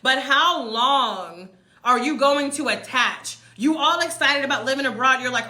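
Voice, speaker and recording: A woman's voice: sits high, normal speed, sharp tone, roomy sound. A woman in her thirties live-streaming a motivational talk to her followers, emphatic, repeating her points and calling viewers y'all. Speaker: vlogger livestreaming to followers. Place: room in Mexico.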